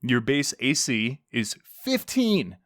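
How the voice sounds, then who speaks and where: Man, podcast co-host, rambling playful chat, mid pitch, dry close sound. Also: sing-song, slow, fairly bright tone, no room sound. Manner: rambling, playful, many restarts. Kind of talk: in-character casual chat.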